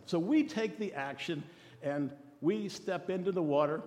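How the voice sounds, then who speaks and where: Man, pastor, animated conversational sermon, rhetorical questions, rising and falling pitch. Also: normal speed, in a large hall.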